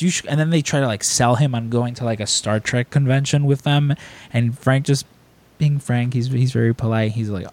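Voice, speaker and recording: A man's voice: medium pitch, fairly quick, no echo. A man hosting a podcast, telling stories in casual chat, rambling and acting out other people's lines in raised voices. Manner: rambling, animated, acts out quotes in raised voices. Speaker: podcast host.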